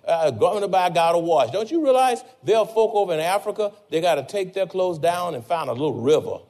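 An older man preaches in a high, bright register. He repeats words and pushes his emphasis upward as he makes each point. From Louisiana. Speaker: pastor. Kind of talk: sermon.

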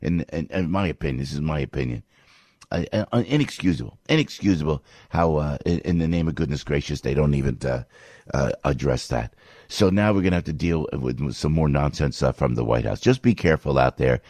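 An older man delivers rambling, exasperated commentary, tripping over restarts as he goes. His voice sits very low, and the sound is close and dry, with no room around it. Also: lively intonation, brisk, a little mellow, dry recording. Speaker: political commentator. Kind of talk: ranting commentary.

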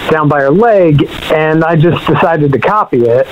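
A man's voice: fairly high pitch, moderate pace, a little hiss or hum, poor audio. A man calling in to a radio talk show, telling his story in a hesitant, rambling way with lots of fillers. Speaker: caller. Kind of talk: call-in radio chat.

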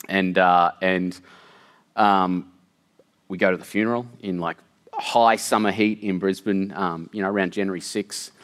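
A man's voice: deep voice, fairly even intonation, a little slow, fairly bright tone. A middle-aged man telling an emotional personal story, earnest and tumbling, with many fillers and restarts. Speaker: guest storyteller.

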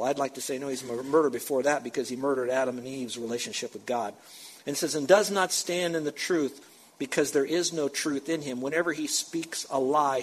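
A man's voice: medium pitch, slightly rough, rough recording. A man preaching a sermon as pastor, talking straight to his congregation and repeating words for emphasis. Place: church sanctuary with a screen.

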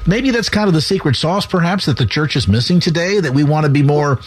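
A man's voice: on the high side, expressive, quick pace, husky. A man hosting a radio talk show, speaking in a reflective, articulate way with some stammering. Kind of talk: radio interview.

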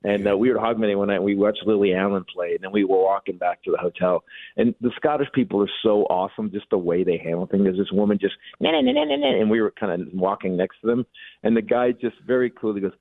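A man's voice: on the low side, fairly even intonation, fast, dry recording. A man, a comedian guest calling in, telling stories in a rambling, self-interrupting way. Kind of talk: casual radio interview. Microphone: phone call. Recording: tinny phone line.

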